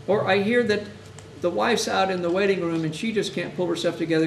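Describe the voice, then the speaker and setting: A man's voice: sits high, brisk, gravelly, hardly any pauses. A man teaching hospital chaplains in a conversational lecture, often acting out exchanges with grieving families. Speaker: chaplain instructor. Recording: echoey room, mic far off, faint hiss.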